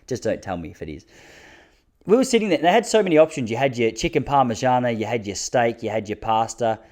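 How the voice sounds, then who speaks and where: A man's voice: medium pitch, sing-song, darkish tone. Rambling Australian man telling comic stories. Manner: rambling, self-mocking, quick asides. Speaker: podcast host. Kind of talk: comic storytelling monologue.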